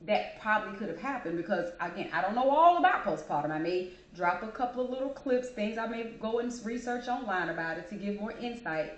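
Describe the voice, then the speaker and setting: A woman shares a personal story in a casual, chatty way. She is emotional but keeps smiling and laughing as she talks. Her voice sits at a middle pitch and carries some room echo. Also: expressive, brisk, few pauses, dull audio. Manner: emotional, chatty, smiles and laughs while talking. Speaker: host. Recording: echoey room.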